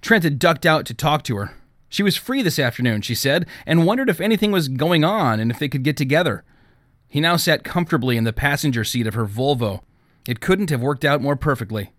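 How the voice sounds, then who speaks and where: A man reading an audiobook in scripted narration, with a steady, even storytelling manner on a close studio mic. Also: on the high side, brisk, no echo.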